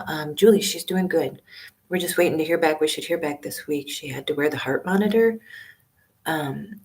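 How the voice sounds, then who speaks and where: A woman in her fifties with a low voice talks to viewers in a hushed, half-whispered way, full of fillers and small pauses. She is in a small library study room, picked up by a laptop's built-in microphone. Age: 50s. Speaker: van-life vlogger hosting a live stream. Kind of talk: casual live-stream chat with viewers. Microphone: laptop webcam and built-in mic.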